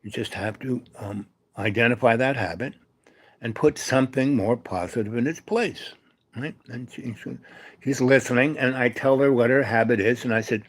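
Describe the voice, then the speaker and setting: A man hosting a live stream, telling a meandering personal story full of fillers and asides, sometimes dropping to a soft, hushed voice. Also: medium pitch, normal speed. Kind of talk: rambling storytelling monologue.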